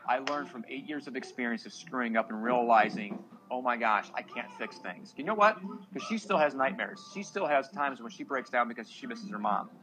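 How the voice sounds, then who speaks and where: A man's voice: medium pitch, expressive, a little fast, music in the background, poor audio. A man in his thirties, a single father on a podcast, talking earnestly and emotionally to other men. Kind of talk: casual podcast talk.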